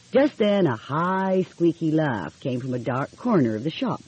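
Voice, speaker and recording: A woman's voice: extremely low pitch, big pitch swings, normal speed, hardly any pauses, dark tone, breathy edge, lo-fi sound. A woman narrating a mystery audiobook in a cozy storytelling manner.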